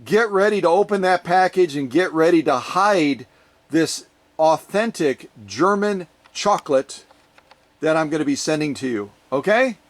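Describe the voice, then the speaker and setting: Chatty, slightly high-voiced man vlogging. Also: lively intonation, measured pace. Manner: chatty and playful, with jokey asides. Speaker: sewing machine restorer and channel host. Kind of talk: casual vlog chat to viewers.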